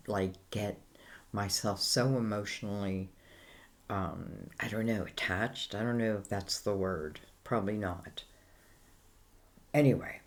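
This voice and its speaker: An Irish woman giving a casual, rambling tarot reading, full of fillers like "you know" and "I feel like". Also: extremely low pitch. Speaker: tarot reader.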